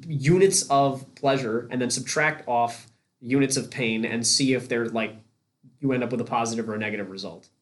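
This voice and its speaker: A man's voice: mid-range voice, steady tone, normal speed. Male podcast host, casual, anecdotal, corrects himself mid-sentence. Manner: chatty, anecdotal, self-correcting. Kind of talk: casual interview chat.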